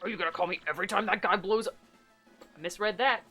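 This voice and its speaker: A woman streamer giving excitable, giggly commentary while playing a game, swearing now and then. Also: medium pitch, quick pace, faint music behind. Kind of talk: casual gameplay commentary.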